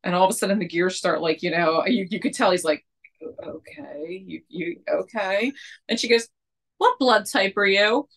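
This podcast co-host, a woman in her forties, has a mid-range voice that is brisk and a bit bright. Her casual chat-show talk is rambling and jokey, self-deprecating, and full of frequent laughter.

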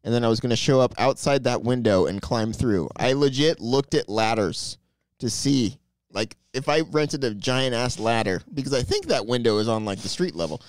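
A man's voice: medium pitch, lively intonation, normal speed, no room sound. A man hosting a comedy podcast, telling rambling, self-deprecating stories about bits he abandoned. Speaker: podcast host. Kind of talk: casual banter.

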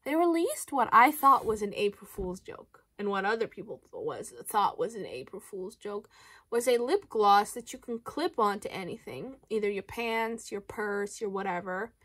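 A young woman from Canada giving casual, playful commentary on makeup releases as a beauty vlogger, with animated, exaggerated reactions. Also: medium pitch, normal speed, no room sound.

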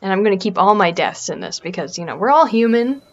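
A woman's voice: medium pitch, very animated, quick pace, dull audio, a little hiss or hum. A Canadian woman giving casual, self-mocking commentary over a video game, often dropping to a whisper while sneaking. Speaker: let's play gamer.

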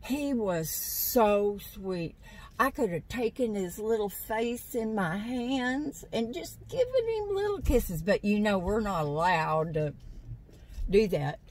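A woman's voice: mid-range voice, slow pace, rough recording. A woman, chatting to her viewers from a parked vehicle, rambling through stories and laughing often. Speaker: vlogger. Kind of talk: casual chat to viewers. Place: parked vehicle in a parking lot. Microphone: phone on a stand.

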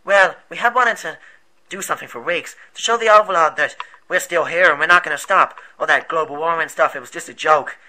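A man's voice: on the high side, a little fast, sharp tone, rough recording. A man playing an earnest, rambling rebel leader. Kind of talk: amateur movie voice acting.

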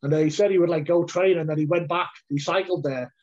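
A man's voice: fairly high pitch, steady tone, quick pace, a little mellow. A man, a heavyweight fighter telling a long story in a casual interview, rambling and repeating words. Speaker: heavyweight MMA fighter, guest. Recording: dull lo-fi audio.

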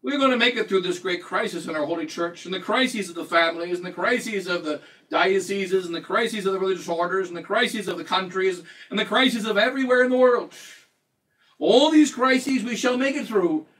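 A man's voice: sits high, a little fast, a bit bright, recorded from a distance, rough recording. A man preaching a sermon as a bishop, emphatic and repetitive, quoting scripture along the way. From United States.

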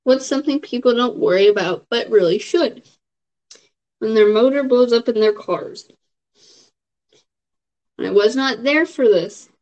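A young adult woman in a casual vlog, answering question prompts in a rambling, frank way with lots of fillers. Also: medium pitch. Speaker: vlogger. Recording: dull lo-fi audio.

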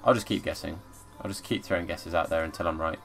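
Chatty streamer, game commentary. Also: male voice, low voice, fast, gravelly. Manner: chatty, bursts into excited shouts at the play. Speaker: gaming streamer. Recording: faint background music.

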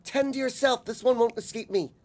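A man's voice: extremely high pitch, brisk, darkish tone, pitched above the performer's own voice. A man voicing a resolute young dragon rider. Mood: urgent.

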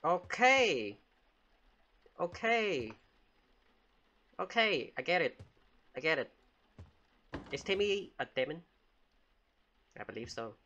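A man's voice: a little high, sing-song, slow pace, long pauses, sharp tone, highs cut off. A man giving jokey, casual commentary while playing a game and talking back to it with frequent exclamations. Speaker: gamer.

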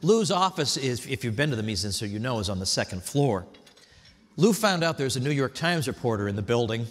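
A man giving a prepared tribute speech at an event, telling stories in a wry, animated way. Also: medium pitch, brisk, long reverb tail. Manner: wry, animated storytelling with mock voices. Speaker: speaker at an institute event. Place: hotel event hall.

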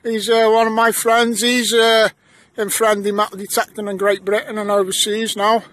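Jokey high-voiced man outdoors. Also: little pitch movement, normal speed, fairly bright tone. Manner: jokey, banters with mates. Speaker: metal detecting vlogger. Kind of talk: casual outdoor vlog chat. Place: outdoors in fields.

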